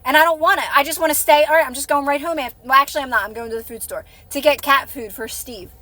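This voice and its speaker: A woman's voice: high-pitched, fairly even intonation, fast, bright, forceful tone. A woman hosting a live stream, chatting casually and encouragingly with her viewers, rambling and restarting her sentences.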